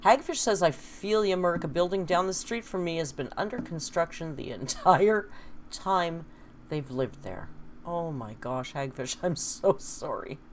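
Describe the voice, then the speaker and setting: Hosting a relaxed livestream indoors at home, a woman with a lowish voice reads out viewer comments in a chatty, wry way. She sounds animated but keeps a measured pace, and there's slight hiss or hum.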